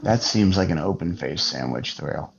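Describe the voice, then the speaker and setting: Low, creaky man on muffled audio. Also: lively intonation, faint music behind. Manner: puzzles aloud, halting. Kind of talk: casual livestream chat.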